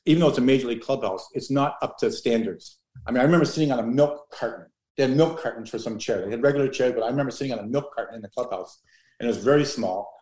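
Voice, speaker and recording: A man in his fifties telling rambling, animated stories as an interview guest, with many restarts. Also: mid-range voice. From Canada. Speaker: guest, former pro baseball player. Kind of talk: casual storytelling interview. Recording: roomy echo.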